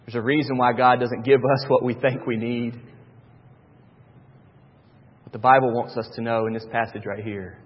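A man, preaching a sermon as pastor with emphatic repetition and homely asides. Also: mid-range voice. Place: church sanctuary. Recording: dull reverberant hall.

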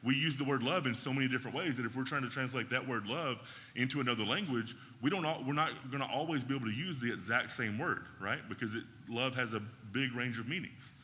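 A man's voice: medium pitch, fast, sharp tone, long reverb tail. A man teaching a Bible class in a conversational way, often checking in with his listeners.

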